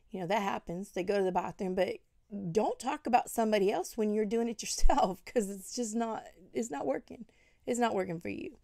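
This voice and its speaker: A woman's voice: on the high side, gravelly, mellow, no echo, clean studio sound. A woman scolding another online creator in a commentary vlog, indignant and full of rhetorical questions. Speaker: commentary vlogger.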